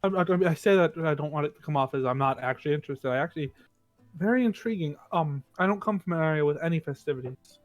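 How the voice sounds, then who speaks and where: A man's voice: on the high side, fast talker, no echo, soft background music, voice pushed down, lightly acted. A man playing a cheeky young royal. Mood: curious. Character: visiting young male royal, curious and cheeky.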